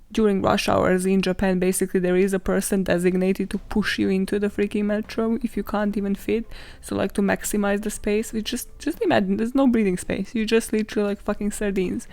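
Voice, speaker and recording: Sweary, chatty woman podcaster with gravelly voice. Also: medium pitch, darkish tone, no echo. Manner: chatty, sweary and sarcastic, laughing often; dramatizes stories and acts out quotes. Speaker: podcast host. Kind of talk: casual solo podcast storytelling.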